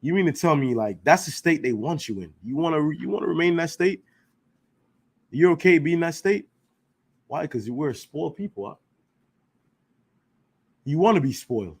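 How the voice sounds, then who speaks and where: A man's voice: on the high side, animated, moderate pace, creaky, long pauses, darkish tone, breathy edge. A man teaching an informal scripture class, emphatic and slangy, firing rhetorical questions and checking in with his listeners. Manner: emphatic, rhetorical questions, slangy, keeps asking "you know what I'm saying".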